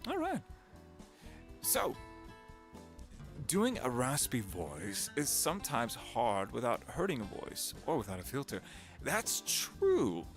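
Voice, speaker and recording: A man, a voice actor, chatting casually on a home livestream with a gravelly vocal fry, giggling and wandering between topics. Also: medium pitch, huge pitch swings, slow pace, pauses often, faint music behind. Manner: chatty, giggly, drifts into voice demos. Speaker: voice actor streaming.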